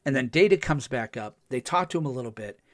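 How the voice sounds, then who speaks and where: A man hosting a podcast, recapping a TV episode in a casual, excited way, full of ums and restarts and acting out the characters' lines. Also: mid-range voice, quick pace, no echo, clean studio sound. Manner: chatty, with frequent ums and restarts. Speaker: podcast host.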